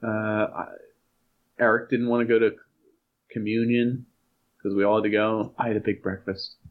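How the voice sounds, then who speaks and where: A man's voice: on the low side, little pitch movement, moderate pace. Man, 30s, podcast co-host, laughs through anecdotes, muffled lo-fi sound. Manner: laughs while telling stories. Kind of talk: casual chat. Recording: dull lo-fi sound.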